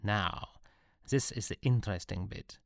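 Brisk and deadpan, a man in the role of an eccentric Prussian artillery officer is lecturing. His gravelly, fairly low voice carries no room sound at all, captured completely dry, and it would work well for reading a storybook.

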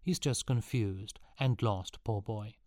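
A man voicing a kind but bossy girl who takes charge, firm yet gentle. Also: fairly low pitch, slow pace, no room sound, studio quality.

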